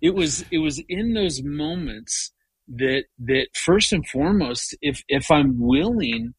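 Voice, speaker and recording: A man's voice: on the high side, expressive, slow, slightly rough, no echo, poor audio. A man in his fifties, a guest on an interview show, telling stories about his marriage in a conversational way and often repeating words as he goes. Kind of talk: conversational storytelling.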